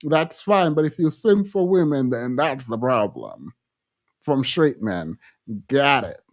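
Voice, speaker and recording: A woman's voice: extremely low pitch, expressive, slow. A woman hosting a reaction commentary, sarcastic and exasperated, repeating phrases for effect. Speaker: commentary host.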